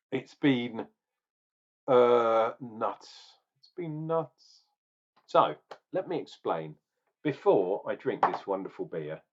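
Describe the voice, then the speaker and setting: Rambling man, animated pitch. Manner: rambling, chatty, self-correcting asides. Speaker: beer reviewer. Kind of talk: casual beer review vlog. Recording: dull lo-fi recording.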